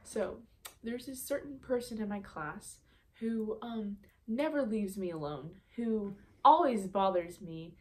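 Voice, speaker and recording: A woman's voice: medium pitch, a little slow, a little mellow. A teenage girl telling a story on her vlog in a chatty way, full of "um" and "like". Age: late teens. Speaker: vlogger.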